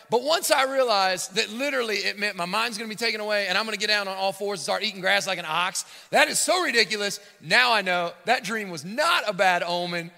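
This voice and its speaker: A man's voice: sits high, gravelly, sharp tone, pitched above the performer's own voice, exaggerated voice. A man voicing a proud, boastful ancient king who speaks in a grandiose, self-important way. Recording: long hall reverb.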